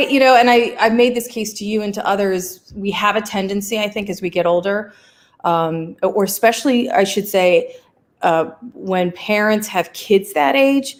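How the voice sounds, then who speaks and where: A woman author being interviewed over a video call, telling stories about her school days with quick laughs and self-deprecating asides. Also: mid-range voice, expressive. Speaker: guest author. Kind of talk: casual video chat interview.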